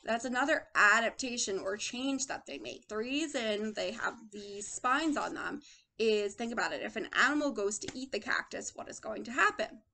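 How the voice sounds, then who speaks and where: Woman teacher, questioning and encouraging, fairly high, gravelly. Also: expressive, moderate pace, sharp tone, slight background noise. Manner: questioning, encouraging, addresses children as friends. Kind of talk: lesson with storybook read-aloud.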